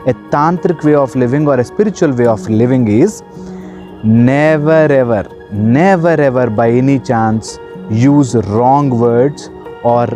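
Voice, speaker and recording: A man giving an earnest spiritual talk, stressing points by repeating words and slowing down. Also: medium pitch, warm tone. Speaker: spiritual counsellor and life coach. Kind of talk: earnest spoken talk to camera.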